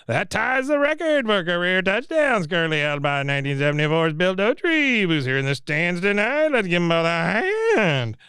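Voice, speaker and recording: A male stadium announcer calls out from the stands in a raised, higher pitch, as a man puts him on. His words come drawn out in a clear announcing delivery, dry and close. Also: big pitch swings, moderate pace, hardly any pauses, bright, forceful tone, dry recording, exaggerated voice.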